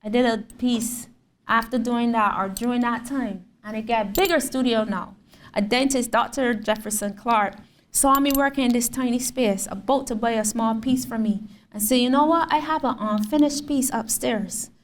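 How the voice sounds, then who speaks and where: A Barbadian woman tells her story to a lecture audience in a fairly high, bright-toned voice, acting out every exchange with energy. She is picked up from some distance in a roomy hall, with a faint hum of room noise underneath. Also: normal speed. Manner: animated storyteller who acts out the quotes in her story. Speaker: guest artist lecturer. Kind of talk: public lecture.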